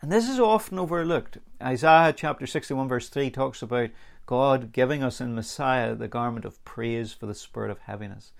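A man preaching a sermon, earnest and lively, with dramatic pauses and acted-out anecdotes. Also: medium pitch, creaky.

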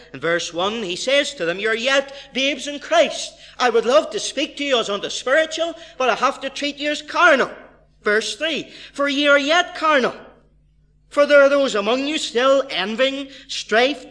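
A man preaching a verse-by-verse Bible sermon, moving from quiet explanation to fervent emphasis. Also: very high voice. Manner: impassioned, swinging from soft asides to fervent emphasis.

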